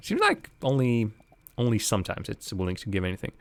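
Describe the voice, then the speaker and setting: A man's voice: lowish voice, wildly swooping pitch, fairly quick, a bit bright. A man giving casual, rambling commentary while streaming a game live, chatting with viewers and laughing often.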